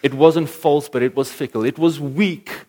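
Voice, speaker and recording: A man's voice: a little high, steady tone, moderate pace, mellow. A male preacher giving an earnest sermon that builds to emphatic peaks.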